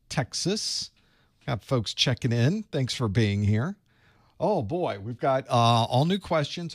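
Sitting in a small dark room, a middle-aged man hosting a live IT certification study group chats casually before starting, naming where viewers are as he greets them and rambling about his work. He speaks at a medium pitch, and the sound is clean studio audio with no echo.

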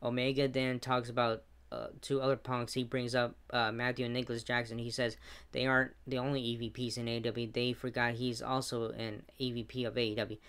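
Male wrestling reviewer, even-toned, smooth voice, recaps with asides. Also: medium pitch. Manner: play-by-play recap with fillers and quick asides.

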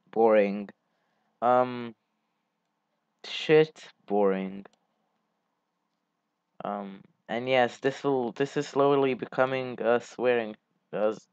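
A man giving casual, halting gameplay commentary as a channel host. He rambles and swears casually as he plays. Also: medium pitch, a little mellow, clean tone, no room sound. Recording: dull lo-fi mic.

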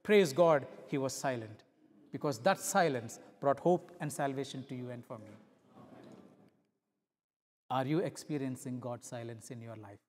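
A middle-aged male visiting pastor preaching a sermon, moving between loud emphatic peaks and hushed low passages and asking his listeners rhetorical questions. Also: measured pace, long pauses. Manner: asks the congregation rhetorical questions. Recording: long hall reverb.

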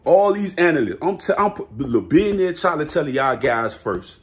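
A man ranting as a vlogger, excitable and boastful, with lots of street slang and frequent laughter. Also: fairly high pitch, normal speed. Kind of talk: sports hot-take rant.

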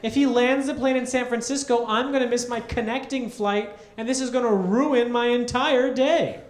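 A male comedian voicing a self-absorbed woman passenger who complains loudly and whines. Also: very high voice, fairly even intonation, moderate pace, voice pushed up. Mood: indignant. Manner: whiny, loud, complaining. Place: comedy club stage. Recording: echoey club room, audience laughter.

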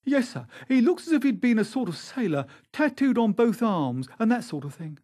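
A man's voice: very high voice, sing-song, normal speed, a little mellow, pitched above the performer's own voice, exaggerated voice. A man reading aloud, voicing a deferential, plain-spoken country gamekeeper who keeps saying "sir". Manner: respectful, plain and rustic.

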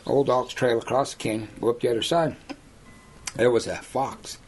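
A man's voice: mid-range voice, steady tone, normal speed, faint music behind. A man who works as a hunting guide, telling rambling yarns in an interview, often saying "you know" and laughing at his own stories. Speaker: lion hunter and outfitter guest. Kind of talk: storytelling in an interview.

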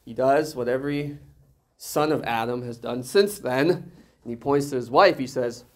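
A male pastor preaching an animated sermon, full of jokes and rhetorical questions. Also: mid-range voice, normal speed.

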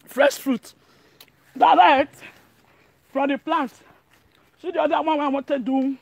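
Nigerian woman, high voice, dry close sound, chatty home vlog, laughs often. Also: fairly even intonation, a little slow, creaky, a little mellow, no echo. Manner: chatty, laughs often, speaks pidgin English. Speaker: vlogger. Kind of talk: casual home vlog chat.

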